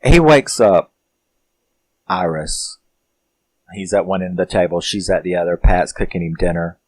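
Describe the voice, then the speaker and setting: A man's voice: sits low, normal speed. A man casually recapping a film's plot, rambling with lots of fillers and laughs. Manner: rambling, loose, with frequent "you know" fillers; laughs often while retelling. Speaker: film reviewer.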